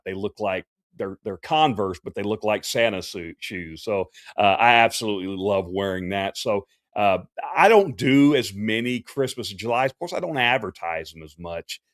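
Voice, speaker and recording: A man's voice: on the low side, expressive, normal speed, fairly bright tone, no room sound, studio quality. A man, a professional Santa performer hosting a casual livestream Q&A, talking in a folksy, chatty way with many fillers and restarts.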